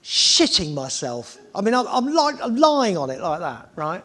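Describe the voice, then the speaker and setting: A man telling a story in a casual chat, animated and sweary, acting out other people's lines. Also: high voice, moderate pace. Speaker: TV presenter telling stories.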